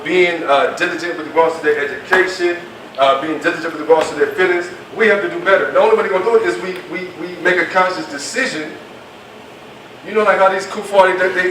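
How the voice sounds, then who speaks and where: High-voiced man lecturing in an echoey room. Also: fairly bright tone. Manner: emphatic, colloquial, acts out quoted speech. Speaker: Islamic class teacher. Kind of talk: classroom lecture. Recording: echoey room, mic at a distance, faint noise.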